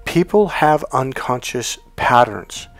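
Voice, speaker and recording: A man's voice: medium pitch, expressive, slow, no echo. A man in a life coach role, talking through an example in a casual teaching monologue and acting out the quoted dialogue. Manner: conversational, acts out quoted dialogue.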